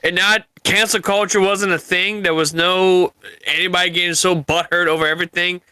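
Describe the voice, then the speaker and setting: A man's voice: high-pitched, fairly even intonation, a little fast, bright, forceful tone, clean tone, no echo. A man hosting a podcast in casual chat, joking crudely and saying "bro" and "dude". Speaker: podcast host.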